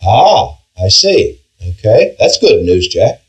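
In a rough recording, a man with a fairly low, very animated voice speaks slowly while leading an interactive Bible class. He asks the group questions, hits key words emphatically, and restarts often with "all right."

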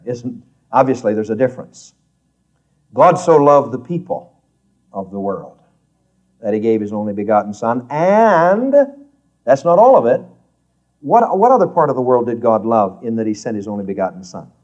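A man's voice: medium pitch, very animated, fairly quick, a little mellow, lo-fi sound. A man teaching a Bible class in an earnest, emphatic, folksy way.

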